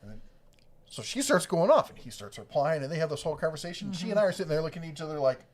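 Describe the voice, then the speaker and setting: A middle-aged man hosts a relaxed home livestream with his wife, spinning family anecdotes and reading out viewer comments. His voice sits a bit high for a man. He chuckles easily as he talks. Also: rapid-fire. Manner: storytelling, chuckles often. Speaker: livestream co-host.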